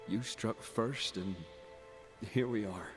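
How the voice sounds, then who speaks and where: An actor playing a stern male banisher speaking slowly and with measure in a video game. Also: fairly low pitch, over music. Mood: grave. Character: stern grave male banisher, judging a sinner.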